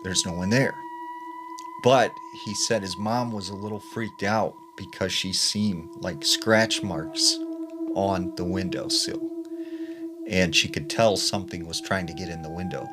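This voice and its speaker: Male storyteller, lower voice, casual and chatty, music bed underneath. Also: fairly even intonation, measured pace. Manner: chatty, many fillers like "like" and "you know". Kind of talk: casual spooky story narration. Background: background music.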